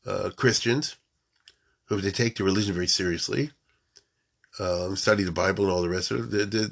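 A man's voice: lowish voice, vocal fry. A man giving an informal storytelling lecture, mixing in Hebrew and Yiddish terms and often checking that his listeners follow.

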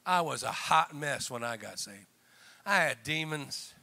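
A male pastor preaching a sermon, swinging from emphatic loud bursts to quiet chuckling asides and calling out to the congregation. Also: a little high, lively intonation, a little slow, vocal fry.

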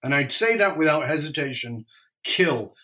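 A man's voice: fairly high pitch, expressive, moderate pace, sharp tone. Guy telling a heavy personal story, reflective, pace all over the place. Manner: emotional, reflective, varies pace widely.

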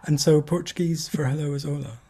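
Husky Scottish-raised man hosting a podcast. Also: a little high, fairly even intonation, dark tone. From Scotland. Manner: chatty, quick to laugh, self-mocking. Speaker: podcast host. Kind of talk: casual podcast chat.

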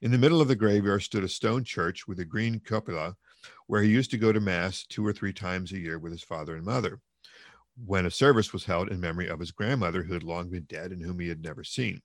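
A man with a gravelly, husky voice giving a measured, expressive audiobook reading of a classic novel. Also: low voice, no echo, studio quality. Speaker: narrator.

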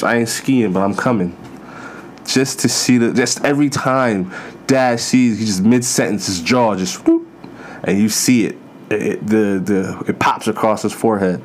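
A man's voice: fairly low pitch, a little hiss or hum. A man hosting a podcast, telling rambling, profane stories in a casual comedic monologue with self-mocking asides. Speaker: podcast host.

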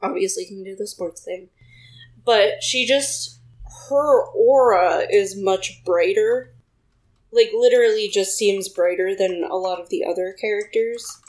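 A woman's voice: medium pitch, unhurried, a little mellow, low-quality recording. A young woman co-hosting a casual chat, thoughtful and explaining her reasons at length.

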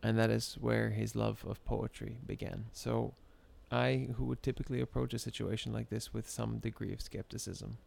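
A man telling a story in casual chat, animated and often breaking into laughter. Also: on the low side, normal speed, creaky, hardly any pauses.

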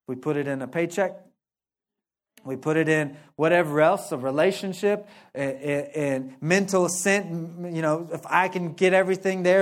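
A male pastor preaching with a voice that sits a little high for a man. He talks to the congregation in a conversational way, pushing some lines out with force and dropping others to a quiet, low aside. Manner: conversational, swinging from loud emphasis to soft, low asides. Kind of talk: sermon.

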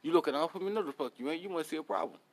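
A man's voice: a little high, racing. A young man hosting a podcast, talking casually in a blunt, profane, motivational way. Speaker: podcast host.

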